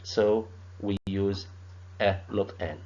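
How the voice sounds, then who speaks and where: Slow, halting male teacher. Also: on the low side, little pitch movement, dark tone. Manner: slow, halting, repeats sounds and words. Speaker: English teacher. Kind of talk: grammar lesson. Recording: dull lo-fi sound.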